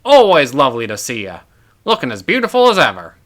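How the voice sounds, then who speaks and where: A man's voice: mid-range voice, wildly swooping pitch, fast. A man doing a hearty Australian professor. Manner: hearty, friendly, loud. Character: cheerful middle-aged Australian male professor.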